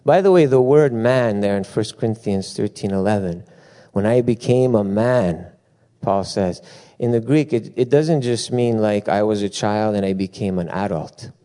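A middle-aged man preaching a sermon, telling lively stories with asides and bursts of laughter. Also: lowish voice, moderate pace. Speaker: pastor.

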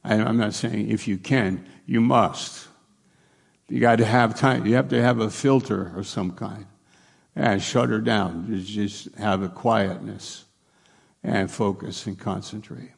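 A man's voice: on the low side, fairly even intonation, measured pace, gravelly, slightly rough. A middle-aged man preaching a conversational sermon as a pastor, plain-spoken and repeating his points for emphasis.

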